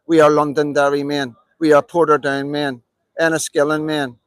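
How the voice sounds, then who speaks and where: A man's voice: on the high side, level tone, normal speed, no room sound, poor audio. Man, Belfast accent, live-stream monologue, emphatic and repetitive, dry close sound. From Northern Ireland.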